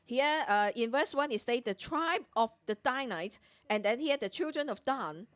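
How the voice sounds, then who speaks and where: High, lively woman preaching a sermon. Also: normal speed. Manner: retells scripture with voiced dialogue. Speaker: preacher at morning prayer. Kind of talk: Bible teaching sermon.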